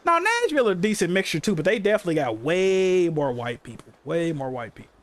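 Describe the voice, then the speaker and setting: A man, chatting casually on a game livestream, telling animated, profane stories full of slang. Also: high-pitched, quick pace. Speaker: game streamer.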